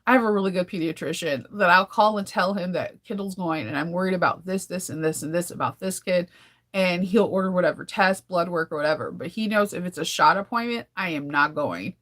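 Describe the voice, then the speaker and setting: A woman in her thirties talks straight to her viewers in a relaxed daily vlog. She rambles from one thought to the next and laughs often between sentences. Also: on the low side, a little fast. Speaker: sewing vlogger. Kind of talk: casual daily vlog chat.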